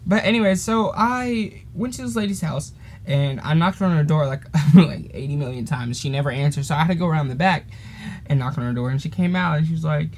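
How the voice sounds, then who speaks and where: A man's voice: a little high, fast, darkish tone, slight background noise. A teenage boy casually telling a rambling story on a podcast, laughing often and drifting off topic. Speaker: podcast host.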